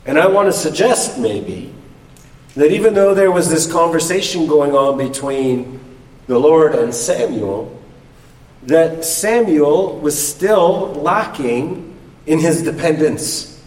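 Male Bible study voice, deliberate and unhurried, distant pickup with long reverb. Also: on the high side, expressive. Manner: measured, thoughtful. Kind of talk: reflective teaching comment. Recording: distant mic in echoey hall.

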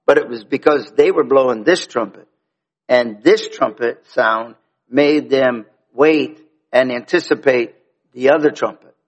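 A man giving a Bible teaching at a slow, deliberate pace. He talks conversationally, often stopping to restart and repeat words before pressing on to his point. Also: mid-range voice, poor audio.

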